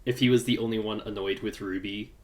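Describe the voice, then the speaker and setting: A man's voice: lowish voice, fairly even intonation, fast. A man hosting a casual live podcast from his room at home, talking loosely and greeting viewers in the chat. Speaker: podcast host.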